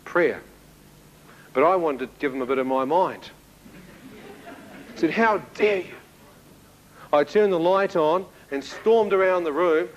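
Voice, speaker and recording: Animated New Zealand man preaching. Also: fairly high pitch, a little slow, pauses often, lo-fi sound, slight background noise. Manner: animated storyteller who acts out dialogue, with laughs. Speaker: preacher giving a testimony. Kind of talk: testimony sermon to a congregation.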